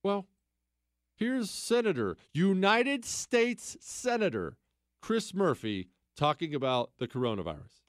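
Animated sarcastic male radio host. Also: high voice, measured pace, no room sound, clean studio sound. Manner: sarcastic, mocking repetition; incredulous outbursts. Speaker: radio talk show host. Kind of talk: political commentary monologue.

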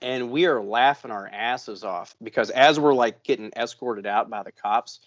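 A man's voice: medium pitch, moderate pace, no echo. A man co-hosting a casual podcast, telling a long story full of swearing and rambling restarts, and acting out the voices of the people in it. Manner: profane, rambling storyteller who acts out other people's voices. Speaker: podcast co-host. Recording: dry, slightly dull podcast audio.

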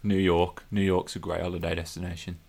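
A man's voice: low voice, little pitch movement, fairly quick, gravelly, a little mellow. A man hosting a podcast, reading out listener questions in a friendly, upbeat way. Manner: friendly, upbeat, says "mate". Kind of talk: casual podcast chat.

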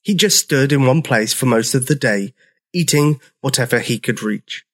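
A man narrating a children's story in a slow, gentle, expressive reading. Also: medium pitch.

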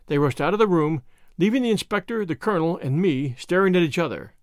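Animated male storyteller, dry close sound. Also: a little high, fast talker, no room sound. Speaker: audiobook narrator. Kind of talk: storytelling narration.

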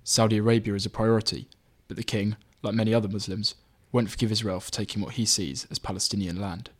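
A man reading his own magazine article aloud in measured, even scripted narration. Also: fairly low pitch.

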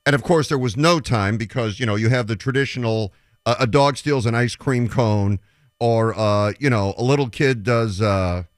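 A man's voice: mid-range voice, normal speed, dry recording, clean studio sound. A man hosting sports talk radio, making emphatic predictions and retelling stories with quoted dialogue.

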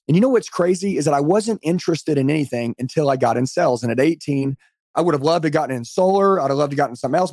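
A middle-aged man talks fast and with fervour, pressing every point like a motivational speaker. His voice is on the higher side and sounds dry and close. He is speaking as a guest over a call. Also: darkish tone, no room sound. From United States. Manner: fervent, motivational, emphatic. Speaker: podcast guest, sales trainer. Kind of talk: energetic storytelling on a podcast call. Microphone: remote call.

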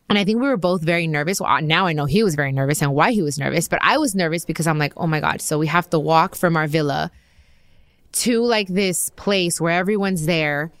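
A woman host casually telling a personal story, chatty and animated, full of asides and quoted dialogue. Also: lowish voice, no echo, studio quality. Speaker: podcast host.

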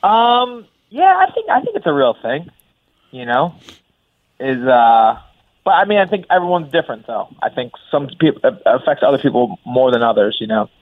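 A man's voice: mid-range voice, very animated, moderate pace, no echo. Young man on a tinny phone line. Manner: loose, rambling, frequent "like". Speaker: professional fighter, guest. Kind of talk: casual radio interview.

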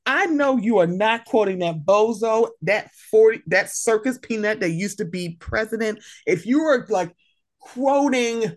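A woman hosting a podcast in casual chat, animated and sassy, acting out exchanges with people. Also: on the high side, unhurried. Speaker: podcast host.

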